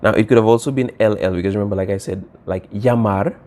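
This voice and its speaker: A man teaching a Spanish class, explaining pronunciation and stretching out example words slowly while he checks in with his students. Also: fairly low pitch, dark tone. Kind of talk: classroom language lesson.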